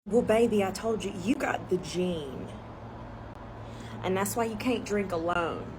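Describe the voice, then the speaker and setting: A woman's voice: medium pitch, expressive, unhurried, background noise, close to an everyday voice. A woman voicing her old grandmother, giving a stern, matter-of-fact warning to her grandchild.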